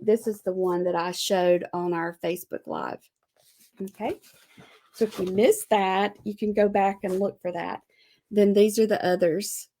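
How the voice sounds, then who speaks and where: A woman's voice: medium pitch, a little mellow. A middle-aged woman casually demonstrating lettering and art projects to her group, chatty and friendly as she shows items to the camera.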